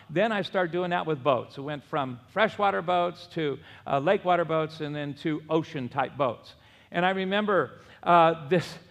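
High-voiced male pastor in reverberant hall. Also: gravelly. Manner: animated storytelling with audience call-and-response. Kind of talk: sermon. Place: church sanctuary. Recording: long church hall reverb.

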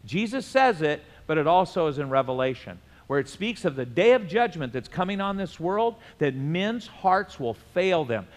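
A man preaching in a church, his fairly high voice swinging up and down as he breaks into sudden loud bursts. A long reverb from the church hall trails after his words. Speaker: pastor. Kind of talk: sermon.

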